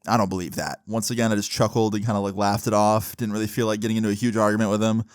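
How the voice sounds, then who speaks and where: A man's voice: lowish voice, monotone, racing, smooth, dry recording, studio quality. A young man, a YouTuber, telling a personal story in a chatty, laid-back, conversational way. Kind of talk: casual storytime narration.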